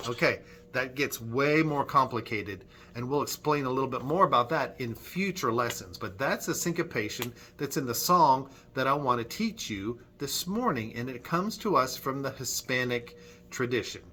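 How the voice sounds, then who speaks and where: A man's voice: medium pitch, animated, normal speed, bright, forceful tone, a little hiss or hum. A man leading a children's Sunday school music lesson at church, friendly and patient, clapping and chanting rhythms.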